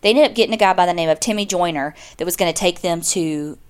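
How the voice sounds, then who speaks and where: A woman's voice: on the low side, quick pace, smooth. A woman, co-hosting a podcast and casually retelling a true-crime case with quoted dialogue and asides. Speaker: podcast co-host.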